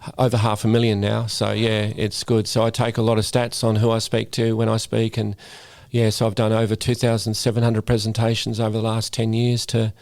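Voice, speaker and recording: Middle-aged Australian man, ex-cop guest speaker, lowish voice, dry sound, casual storyteller with lots of restarts. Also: completely flat delivery, brisk, creaky, few pauses, a little mellow, no room sound. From Western Australia. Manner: chatty storyteller, repeats words when starting sentences. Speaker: guest speaker, former police officer. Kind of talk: casual podcast interview.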